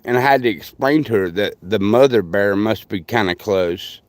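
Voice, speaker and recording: On a dry recording, an older livestream host with a fairly low voice talks at a normal speed with few pauses. He chats casually with his viewers, wandering through homespun stories.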